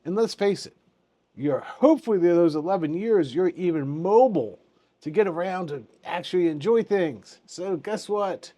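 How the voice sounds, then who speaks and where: A man in his fifties talks through market news in a loose, chatty way. He chuckles often and drops joking asides. His voice sits a little higher than most men's. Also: expressive, normal speed, mellow. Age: 50s. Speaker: finance channel host. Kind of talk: casual commentary.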